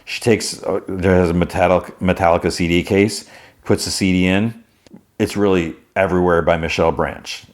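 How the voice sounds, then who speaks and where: A man's voice: low-pitched, steady tone, moderate pace. A man hosting a podcast, casually recapping a show in a rambling way. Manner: rambling, with many restarts and "he's like". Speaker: podcast host.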